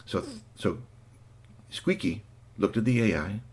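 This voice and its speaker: A man narrating a children's story in an animated way, adding sound effects and asides. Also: on the low side, a little slow, breathy edge.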